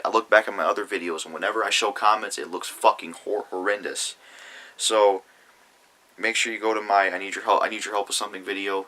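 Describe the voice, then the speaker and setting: A man's voice: deep voice, pushed and bright, poor audio. A young man ranting angrily to camera in a profane vlog, reading out comments and arguing back. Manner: reads comments aloud. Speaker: YouTuber. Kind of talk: angry vlog rant.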